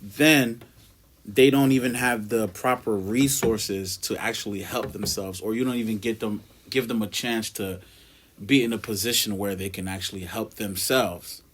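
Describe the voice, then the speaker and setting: A man's voice: fairly low pitch, steady tone, moderate pace, a little hiss or hum. A young man co-hosting a podcast, explaining earnestly step by step with figures. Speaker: podcast co-host. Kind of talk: casual podcast chat.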